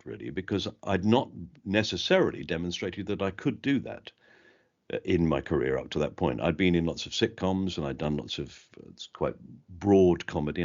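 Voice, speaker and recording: Older guy, posh english accent, really low voice, kinda rambly and thoughtful, muffled lo-fi audio. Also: darkish tone. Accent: trained posh English. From London, England. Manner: reflective, rambling with many restarts. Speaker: interview guest, comedy actor. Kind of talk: casual chat. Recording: dull lo-fi sound.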